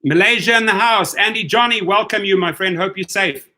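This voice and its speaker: A man's voice: high voice, brisk, bright, forceful tone. A man hosting a casual live stream for drivers, upbeat and chatty, greeting viewers by name.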